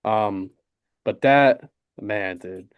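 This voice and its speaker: A man's voice: lowish voice, extremely slow, clear, resonant tone, narrow, tinny audio. A young man, co-hosting a podcast in casual, rambling sports chat full of fillers and restarts. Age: young adult. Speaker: podcast co-host.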